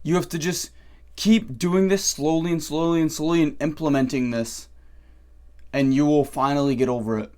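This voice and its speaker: A young man vlogging from his bedroom with brash, profane advice, calling the listener "bro" and swinging between mumbling and yelling. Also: on the high side, steady tone, moderate pace. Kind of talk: ranting motivational vlog.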